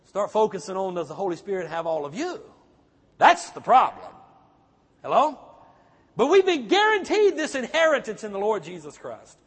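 A pastor preaching with a very high, husky voice that rises and falls widely as he presses his listeners with question after question. His voice rings through a church hall with a long, lingering reverb. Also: huge pitch swings, brisk, hardly any pauses. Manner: emphatic preaching with rhetorical questions to the congregation. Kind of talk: sermon.

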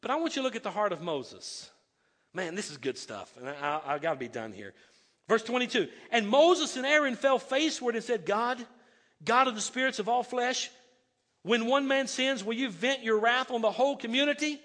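High-voiced preacher in a reverberant hall. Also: male voice, normal speed. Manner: emphatic, reads scripture aloud with lively asides; repeats words when starting sentences. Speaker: pastor. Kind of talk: sermon.

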